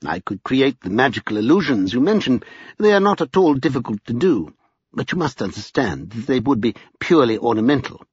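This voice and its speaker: A man's voice: mid-range voice, very animated, brisk, husky, no echo. A man voicing a fussy, timid older male magician who speaks hesitantly and stammers a little. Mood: nervous. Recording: slightly dull lo-fi.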